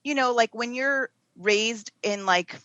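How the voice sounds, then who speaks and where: A woman's voice: fairly high pitch, takes it slowly, pushed and bright, clear, resonant tone, no room sound, lo-fi sound. A woman in her thirties, a guest on a podcast, speaking candidly and at length with laughs between thoughts. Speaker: guest, TV producer and mother. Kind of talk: casual interview chat.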